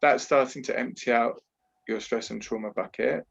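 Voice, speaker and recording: A man's voice: mid-range voice, normal speed, creaky, husky. Earnest, explaining man on a muffled call. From Britain. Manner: earnest, explanatory, frequent "you know" and restarts. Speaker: trauma therapist, podcast guest. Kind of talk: podcast interview over a video call. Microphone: video call.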